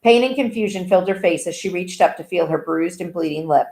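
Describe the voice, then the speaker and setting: A woman's voice: lowish voice, brisk, creaky. Woman reading a novel aloud, echoey. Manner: even, plain reading with small slips. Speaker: audiobook reader. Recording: echoey room.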